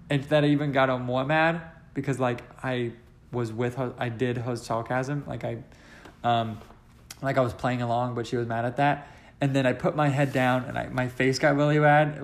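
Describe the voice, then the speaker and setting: Rambling, profane young man podcasting solo. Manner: rambling, profane, jumps in pitch. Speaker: podcast host. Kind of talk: casual solo podcast rant.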